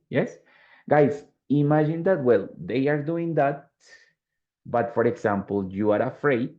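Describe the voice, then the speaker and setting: Brief: patient male English teacher, Colombian Spanish accent, gravelly low voice, dull lo-fi audio. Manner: patient, explains slowly, mixes in Spanish. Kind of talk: online English class.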